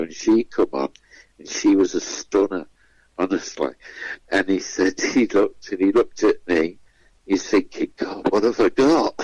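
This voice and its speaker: A low-pitched, slightly mellow male comedian shares chatty stories as a radio guest, doing the voices of the people he describes. The recording is low quality but has no echo.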